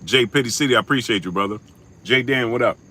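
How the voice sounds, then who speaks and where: A man's voice: mid-range voice, fast talker, sharp tone. A man hosting a casual livestream, reading out viewer names and super chats in a slangy, laid-back way, sometimes chewing as he talks. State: chewing while talking. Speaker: livestream host. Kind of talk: casual live-stream chat, reading out viewer shout-outs.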